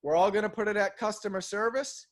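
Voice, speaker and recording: A man from Boston, co-hosting a casual chat and telling a story in an animated way, acting out the people in it and swearing casually. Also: high-pitched, quick pace. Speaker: co-host.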